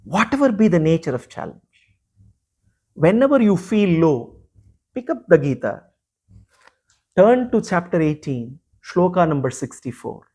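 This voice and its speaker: A man teaching as a spiritual teacher in a live discourse, speaking earnestly and emphatically with frequent pauses. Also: sits high, very animated, darkish tone, slightly rough. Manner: earnest, emphatic, pausing often.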